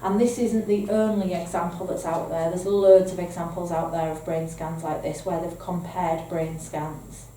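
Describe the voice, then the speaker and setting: In an echoey room captured by a distant mic with faint ambience, a Northern English woman presents training to foster carers, explaining patiently and checking in with "okay?". Her voice is fairly low and mellow, with little pitch movement, normal speed, and hardly any pauses. A little hiss or hum is audible.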